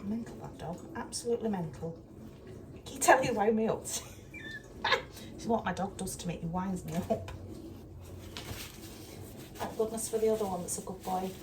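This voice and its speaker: A woman vlogger chats casually while cooking in a cold home kitchen, sounding exasperated and down to earth. Her medium-pitched voice is brisk and full of frequent pauses. The mic sits far away, and loud kitchen noise with clattering dishes and pans fills the background.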